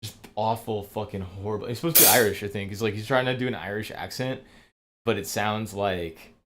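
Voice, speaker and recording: A man's voice: on the low side, a little fast, very noisy. A man streaming live, talking in a rambling, profane monologue full of fillers. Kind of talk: casual livestream monologue.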